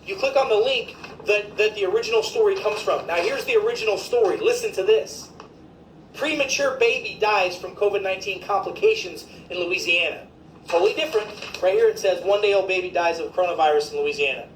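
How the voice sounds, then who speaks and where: A woman's voice: medium pitch, fairly quick. A woman physician, delivering an indignant, emphatic, profane rant to her viewers. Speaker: physician commentator. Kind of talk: ranting video commentary. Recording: echoey room, faint background noise.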